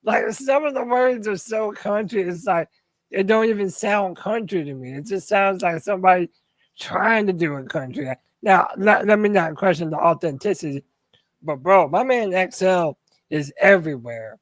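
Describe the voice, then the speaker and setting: Animated sports podcast co-host, high pitch, dry close mic. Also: male voice, normal speed, no room sound. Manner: animated, asks the panel questions. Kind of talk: casual sports talk.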